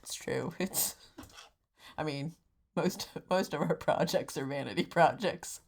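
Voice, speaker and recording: Woman podcast co-host, lower voice, halting delivery with restarts. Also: vocal fry, slight background noise. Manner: halting, restarts, dry agreeing. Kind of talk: casual chat.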